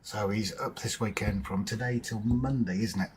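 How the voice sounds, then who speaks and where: A man's voice: on the low side, steady tone, normal speed, breathy edge, low-quality recording. A man hosting a casual livestream from home, chatting informally with viewers in the chat and bantering with his partner. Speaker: livestream host.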